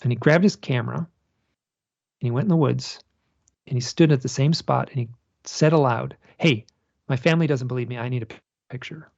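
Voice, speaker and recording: Gravelly, husky man telling rambling stories. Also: mid-range voice, a little fast, long pauses, dry recording, dull audio. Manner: rambling, animated storyteller with many restarts. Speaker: guest author and researcher. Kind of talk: casual storytelling interview.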